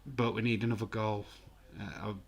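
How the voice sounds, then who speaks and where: A man giving casual, excitable live football commentary and reading out viewer comments. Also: fairly low pitch, moderate pace, slightly rough. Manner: chatty, excitable, reads viewer comments aloud. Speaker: host of a live football watch-along.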